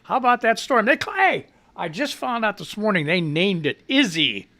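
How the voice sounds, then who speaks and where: Man, radio host, casual rambling chat, bright tone, swings up and down a lot. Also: sits high, animated, moderate pace. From United States. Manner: loud, rambling, swears freely.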